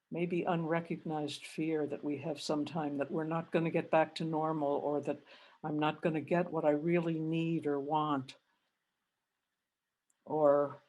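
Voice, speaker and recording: An older Canadian woman, a religious sister, giving a gentle reflective retreat talk over a video call and telling personal stories with rising feeling. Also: low-pitched. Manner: gentle, reflective, grows animated retelling stories. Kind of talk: spiritual reflection with personal storytelling.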